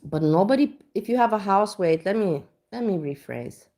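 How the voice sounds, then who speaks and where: With lively intonation and a mellow, medium-pitched voice at a moderate pace, the woman chats casually from her home kitchen. Her reaction chat wanders through a self-mocking story packed with restarts.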